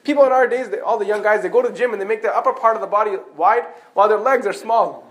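Male preacher with a high voice, telling the story quickly and vividly, mixing in playful jokes. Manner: animated storytelling with joking asides. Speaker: Islamic preacher. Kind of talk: storytelling sermon.

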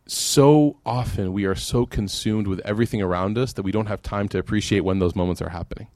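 A man's voice: lowish voice, a little mellow, dry recording, clean studio sound. A man giving a sermon, telling a story and then closing in fervent prayer. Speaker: preacher.

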